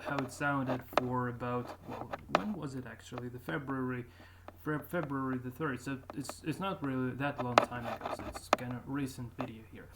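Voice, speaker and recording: Talking at a moderate pace in a medium-pitched voice, a man gives loose commentary on his own old videos as he reviews his accent. His delivery is halting, full of fillers and restarts, with steady background noise throughout.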